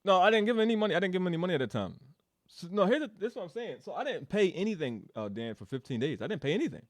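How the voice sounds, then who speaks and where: Man, casual storytelling rant, lively swooping pitch, laughs and swears a lot, dry close sound. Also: racing, no room sound. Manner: animated, laughs often, swears, repeats himself. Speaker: game studio developer giving an update.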